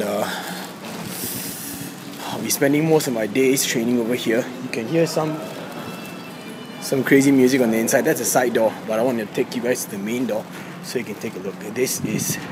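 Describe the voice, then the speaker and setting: Rambling young man vlogging on a camera. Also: mid-range voice. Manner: rambling, with many fillers and restarts. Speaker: vlogger, dancer. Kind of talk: casual vlog chat. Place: hotel room, then a cold street at night. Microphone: handheld camera. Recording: camera audio with clear background noise.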